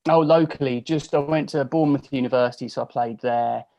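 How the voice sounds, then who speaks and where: A man's voice: mid-range voice, a little fast, creaky, dark tone, no room sound, lo-fi sound. A man in his forties from England, chatting as a podcast guest on a video call, telling stories in a chatty, self-mocking way. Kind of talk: casual chat.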